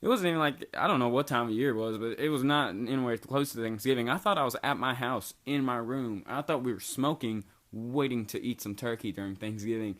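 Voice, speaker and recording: A young man telling a story to camera in a rambling, profane, animated way, packed with fillers. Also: mid-range voice, fairly quick, hardly any pauses. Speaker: vlogger. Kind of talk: casual storytelling.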